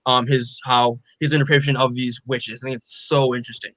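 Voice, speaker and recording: A man's voice: mid-range voice, level tone, a little fast, a bit bright, no echo, low-quality recording. Rambling, swearing man recapping a comic. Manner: rambling, profane, heavy with fillers. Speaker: podcast co-host. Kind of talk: casual chat recapping a comic.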